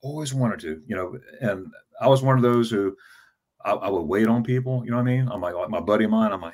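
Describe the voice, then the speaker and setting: A man in his fifties with a somewhat low voice tells a rambling personal story. He stumbles over his words, doubles them up and fills gaps with "uh" as he goes. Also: fast talker, darkish tone. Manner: stammering, repeats words, many fillers. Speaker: travel vlogger telling his story as an interview guest. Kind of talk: casual storytelling in an interview.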